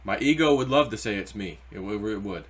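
A man's voice: on the low side, lively intonation, a little fast, breathy edge. A middle-aged man giving casual, rambling crypto market commentary with anecdotes and spiritual asides. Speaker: crypto YouTuber.

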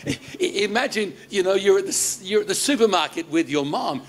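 Brisk and animated, this high-voiced Australian pastor preaches a spirited sermon during a church service, with slight background noise. He trips into restarts, tells jokes and puts questions to the audience.

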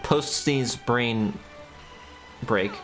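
A woman's voice: very deep voice, drawn-out words, rough recording. Exclaiming woman speedrunner over game music. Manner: exclamatory, swears often. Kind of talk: live-streamed gameplay chat.

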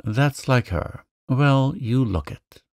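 A man's voice: mid-range voice, animated, slow, vocal fry, no room sound, studio quality, pitched above the performer's own voice. A man voicing a spirited, blunt young woman in a storybook reading, exclaiming and teasing.

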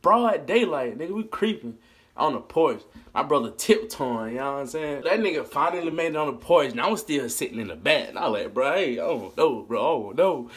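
A man with a fairly high, husky voice tells a story in casual vlog fashion. He is animated and profane, laughing along with his own tale. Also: fairly quick. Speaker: vlogger.

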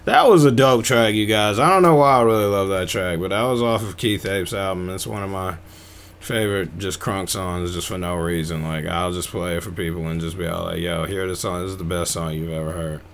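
A man's voice: deep voice, fairly quick, slight background noise. A man talking casually as he reacts to a song, rambling and swearing, with lots of "like" fillers. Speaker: music reaction host.

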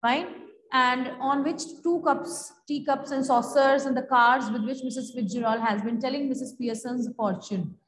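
A woman's voice: high voice, steady tone, moderate pace. A woman with an Indian English accent explaining a play to students, mixing English with Hindi and calling them beta. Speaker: school English teacher. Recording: echoey room with long reverb.

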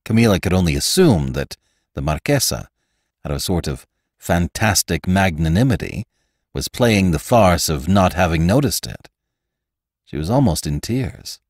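A man with a very deep voice narrates a classic novel in a measured, expressive way. His intonation rises and falls with lively movement, and the recording is dry and close. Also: no echo. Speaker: podcast host and narrator. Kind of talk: audiobook narration.

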